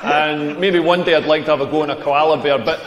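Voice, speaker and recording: A man's voice: a little high, steady tone, quick pace. A Scottish man in his forties from rural Scotland, performing a crude, mocking stand-up comedy set on a club stage. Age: 40s. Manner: brash, crude, mocking delivery. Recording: roomy club with long reverb.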